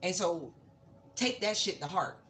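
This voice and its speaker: A woman's voice: on the low side, a little slow, fairly bright tone, a little hiss or hum. A woman giving a casual tarot reading, talking bluntly and swearing freely. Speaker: tarot reader. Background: music.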